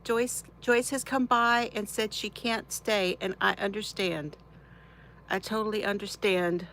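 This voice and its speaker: A woman's voice: medium pitch, a bit bright, slight background noise, low-quality recording. A woman, hosting a casual crafting live stream from her chair at home, greeting viewers by name and laughing often. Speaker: crafting channel host.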